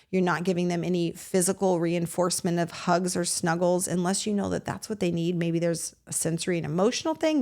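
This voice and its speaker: A woman's voice: fairly low pitch, vocal fry, darkish tone. A woman hosting a parenting podcast, giving direct, encouraging advice and acting out little quotes. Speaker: podcast host.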